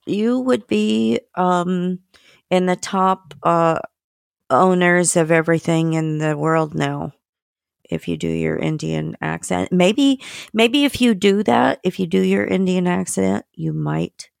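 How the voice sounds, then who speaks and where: Lady chatting politics, slow, lots of ums, dry mic. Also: on the low side, lively intonation, creaky, clear, resonant tone, no room sound. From United States. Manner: slow, halting, with many fillers. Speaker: podcast co-host. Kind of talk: casual political chat.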